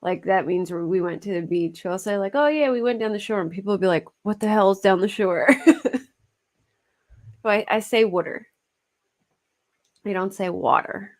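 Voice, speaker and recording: A woman's voice: mid-range voice, a little fast, darkish tone. Chatty woman with a Philadelphia accent. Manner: chatty, laughs often, self-conscious about her pronunciation. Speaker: true crime livestream host. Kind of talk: casual chat with live chat viewers.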